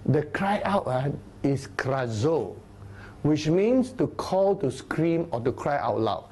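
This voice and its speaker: A man teaching a Bible study sermon, animated, sometimes dropping into low, grave tones. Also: takes it slowly, slightly rough. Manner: animated, acts out crowd voices in a raised voice; drops to low, grave tones for solemn points.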